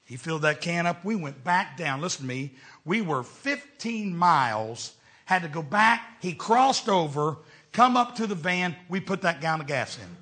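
Preacher guy mid-aged, high voice that jumps all over, storytelling sermon. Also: moderate pace. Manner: animated, swinging from shouts to hushed tones. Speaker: traveling evangelist preacher.

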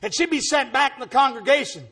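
A man preaching, telling folksy stories with exuberant shouting bursts and a husky voice. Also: very high-pitched, animated, fast talker. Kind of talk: storytelling sermon testimony.

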